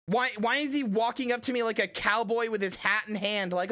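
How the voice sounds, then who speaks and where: A woman streamer telling a story in casual stream chat, animated and rambling, and swearing casually. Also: on the high side, normal speed.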